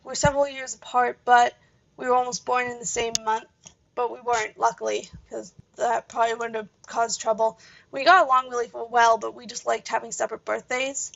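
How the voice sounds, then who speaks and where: A woman's voice: a little high, level tone, brisk, creaky, a bit bright. A young woman from Canada hosting a gaming channel, telling a casual story full of fillers and side tangents. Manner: rambling, full of fillers and asides. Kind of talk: casual storytelling while playing a game. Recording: dull lo-fi home mic.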